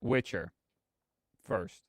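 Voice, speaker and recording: A man's voice: very slow, no echo. A man casually commenting on a live stream, rambling and hesitant with plenty of fillers.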